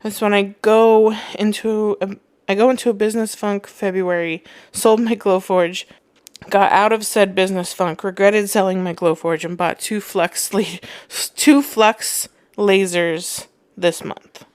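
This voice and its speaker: A woman's voice: medium pitch, fairly even intonation, a little slow, smooth, no room sound. Chatty young woman podcast host. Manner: chatty, reads listener comments aloud with frequent laughs. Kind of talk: casual chat.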